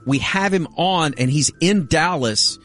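A man's voice: a little high, lively intonation, measured pace, a bit bright, faint music behind. Middle-aged man telling a story on radio. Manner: storytelling, self-mocking. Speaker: radio show host. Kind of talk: casual radio banter.

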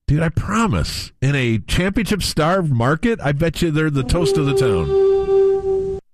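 A man's voice: fairly high pitch, huge pitch swings, measured pace, no echo, studio quality, faint music behind. A man co-hosting a live sports talk radio show, wisecracking and emphatic. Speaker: radio co-host.

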